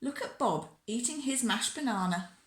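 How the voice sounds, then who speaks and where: A woman voicing a patient, weary mother who scolds gently in a storybook reading. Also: on the high side, animated, moderate pace, roomy sound, lightly acted. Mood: calm, scolding.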